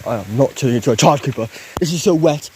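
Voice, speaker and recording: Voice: mid-range voice, lively intonation, fast, warm tone, a little hiss or hum, close to an everyday voice. A performer voicing a grumpy cartoon monster who keeps defiantly insisting on the same thing. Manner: insistent, defiant, repeating itself. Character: stubborn grumpy green monster.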